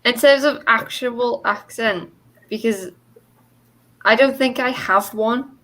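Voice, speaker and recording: A woman's voice: fairly high pitch, takes it slowly, bright, forceful tone, poor audio. Woman, Liverpool-posh English accent, giggly, blunt teasing, casual video chat. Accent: mix of Liverpool and posh English. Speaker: group chat participant.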